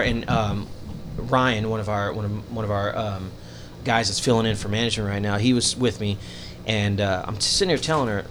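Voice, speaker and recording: A man telling an animated, profane story as a podcast co-host. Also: on the low side, normal speed, noisy background. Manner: animated, profane, acts out dialogue. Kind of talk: casual storytelling.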